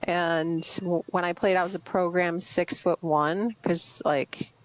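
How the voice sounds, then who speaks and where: A young adult woman co-hosting a podcast in casual chat, chatty and quick to laugh, with many fillers. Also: on the low side, fairly even intonation, no echo. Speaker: podcast co-host.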